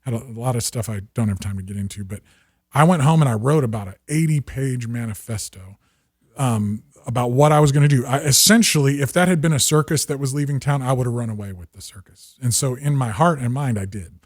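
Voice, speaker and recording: A man in his fifties, a podcast guest, telling lively stories and acting out quoted dialogue with quick restarts. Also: mid-range voice, no room sound, studio quality. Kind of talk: storytelling in conversation.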